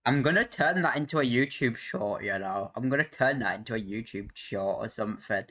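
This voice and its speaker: A man's voice: medium pitch, lively intonation, a little fast, a bit bright. A man hosting a live stream, rambling in casual chat, laughing often and swearing freely. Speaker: livestream host. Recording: dull lo-fi stream audio.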